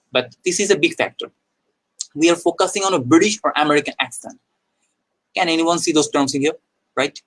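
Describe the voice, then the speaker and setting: A young man with a Bangladeshi accent teaches an English speaking lesson on a live stream. His voice is on the high side and a bit bright, and he explains things by repeating himself with small restarts and frequent "okay"s. The recording is low quality.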